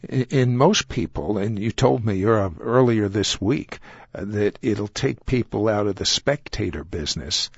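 Husky host guy, stammers a bit, dry dull lo-fi sound. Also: fairly low pitch, measured pace, no room sound. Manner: stammering questions, then read-out announcements. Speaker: show host. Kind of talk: interview and on-air offer.

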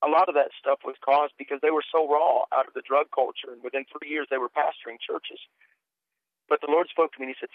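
A man's voice: on the high side, steady tone, fast talker, no echo. A middle-aged man telling his testimony as a guest in a radio interview, earnest and stumbling over restarts. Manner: earnest storytelling, stammers on restarts. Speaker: guest minister and author. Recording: dry tinny phone line.

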